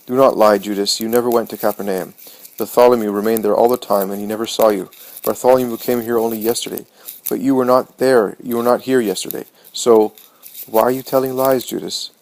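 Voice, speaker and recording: A man reading the part of a grave, gentle mother in a storybook reading, speaking slowly and softly with a serious, sorrowful firmness. The recording is dry and close, with a low voice. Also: steady tone, no room sound, lightly acted, poor audio. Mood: reproachful. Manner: slow, low, serious reproach.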